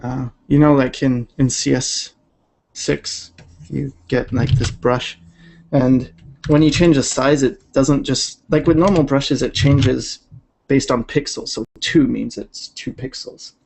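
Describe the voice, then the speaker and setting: Slow, gravelly laid-back man. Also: medium pitch, steady tone, darkish tone, a little hiss or hum. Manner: laid-back, rambling, many fillers. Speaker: digital artist streaming. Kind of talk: casual livestream chat while drawing.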